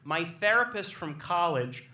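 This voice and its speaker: A young man telling a comic personal story live on a club stage into a stage microphone, animated and rising into excited bursts. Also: on the high side, unhurried. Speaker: stand-up storyteller. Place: comedy club stage with audience. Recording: echoey live room, faint background noise.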